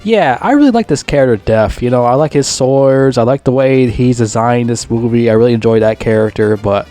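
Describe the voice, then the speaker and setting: Rambling, foul-mouthed man reviewing a movie. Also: fairly quick. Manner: rambling, heavy swearing, repeats himself; gets loudly excited and higher when retelling scenes. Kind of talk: casual movie review vlog.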